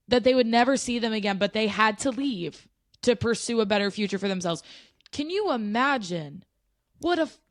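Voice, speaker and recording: Female podcast co-host, earnest, impassioned, dry close sound, middle pitch. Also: no room sound. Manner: earnest, impassioned, agrees often. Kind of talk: casual opinion chat.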